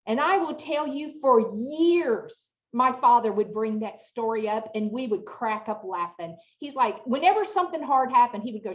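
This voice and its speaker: A middle-aged woman giving an interactive online workshop, chatty and expressive, asking the audience lots of rhetorical questions over a video call. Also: a little high, normal speed, lo-fi sound. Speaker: workshop presenter.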